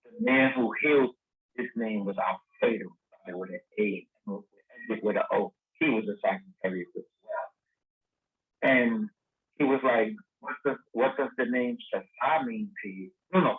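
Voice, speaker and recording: A man guest telling a lively story in a casual interview, acting out the dialogue he quotes. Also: mid-range voice, moderate pace, slightly rough. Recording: tinny phone-line sound.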